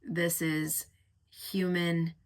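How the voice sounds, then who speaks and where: A woman's voice: fairly low pitch, level tone, drawn-out words. A woman reviewing perfumes in a casual, effusive chat, painting vivid pictures and lingering over her words. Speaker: fragrance reviewer.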